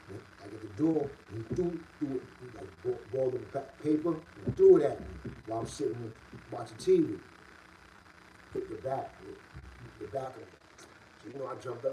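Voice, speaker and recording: A middle-aged man from the Bronx with a New York City accent, telling a story in a casual, streetwise way and rising loud and high when worked up. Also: distant mic, slight background noise, low-quality recording.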